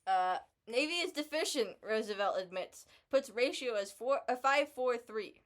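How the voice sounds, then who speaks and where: Chatty young woman, quick to laugh. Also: on the high side, lively intonation. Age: young adult. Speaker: podcast co-host. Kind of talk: casual chat reading old headlines.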